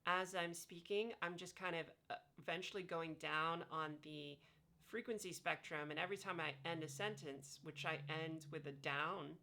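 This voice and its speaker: A woman's voice: sits low, normal speed, vocal fry, bright, forceful tone. A woman talking casually about her voice training, demonstrating vowel sounds with frequent fillers while lying on her back. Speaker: vlogger sharing voice training tips. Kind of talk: casual instructional talk.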